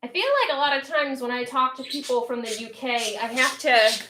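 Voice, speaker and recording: American woman, thirties, livestream host, chatty, answers chat, highish voice, roomy echo. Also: steady tone, a little fast, pushed and bright. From United States. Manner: chatty, answers viewers by name, thinks aloud with fillers. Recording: echoey room with faint noise.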